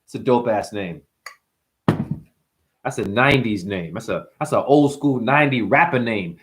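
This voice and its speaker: A man ranting profanely to his livestream chat, often mimicking customers in high voices. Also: animated, a little slow. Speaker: livestream host. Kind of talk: rambling livestream rant.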